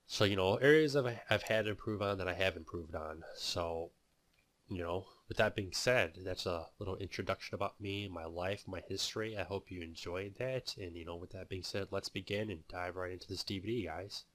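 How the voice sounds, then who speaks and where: A man's voice: sits low, normal speed, fairly bright tone, no echo. A man telling his own story and teaching day trading in a loose, rambling way, full of "you know" fillers. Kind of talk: casual spoken testimony.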